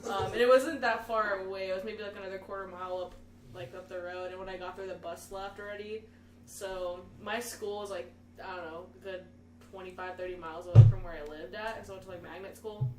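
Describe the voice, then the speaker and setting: A woman's voice: mid-range voice, fast. A young woman on a casual podcast, swearing freely and laughing as she tells a story about her teens. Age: young adult. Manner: swears freely, laughs often, animated retelling. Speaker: podcast co-host. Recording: echoey room, mic at a distance, chatter behind.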